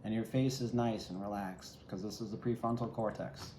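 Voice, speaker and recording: Man, tarot reader, reflective and musing, low mellow voice, echoey room, faint background hum. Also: fairly even intonation, brisk. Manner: musing, reflective, speaks directly to the viewer. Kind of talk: solo tarot reading.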